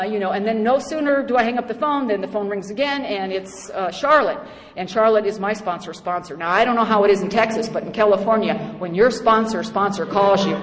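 A middle-aged woman giving a personal testimony at a recovery meeting. She tells it in an animated, humorous way and acts out other voices. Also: fairly high pitch. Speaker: speaker sharing her story at a recovery meeting. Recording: echoey hall with faint background noise.

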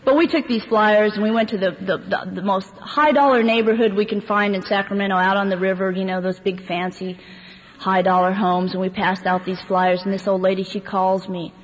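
A woman's voice: mid-range voice, fairly even intonation, moderate pace. A woman speaking at a recovery meeting, telling her story candidly and laughing often as she goes. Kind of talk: personal testimony to a recovery meeting. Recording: echoey hall, dull lo-fi sound, faint background noise.

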